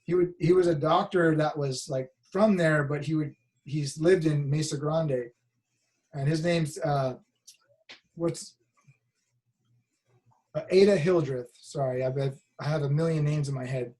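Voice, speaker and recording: A college instructor teaches over a video call in a slightly high, darkish voice, speaking unhurriedly with long pauses. His talk is casual and full of restarts and fillers.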